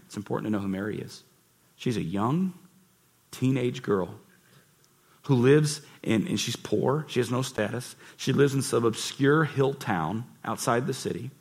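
A man preaching a lively sermon in church, asking the listeners questions and acting out the voices in the story. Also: mid-range voice, slightly rough. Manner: animated preaching, acts out voices and asks the crowd questions. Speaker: pastor.

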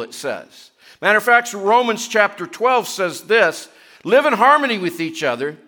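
Male pastor, middle-aged, slightly high, bright tone; casual sermon with joking asides. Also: big pitch swings, normal speed. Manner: chatty, self-deprecating asides between scripture readings; rising in pitch and force when reading and pressing scripture.

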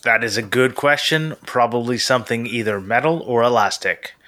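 A man co-hosts a chatty podcast. His voice is bright and forceful, and his talk stops and starts, full of "like" and "um.". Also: medium pitch, normal speed. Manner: hesitant, lots of "like" and "um". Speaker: podcast co-host. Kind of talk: casual podcast chat.

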